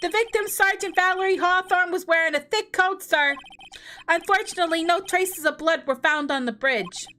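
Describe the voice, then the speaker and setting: An eager young male detective, voiced by a woman who talks high, loud and earnest. His bright, forceful tone carries each line of the game reading. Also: moderate pace, slight background noise.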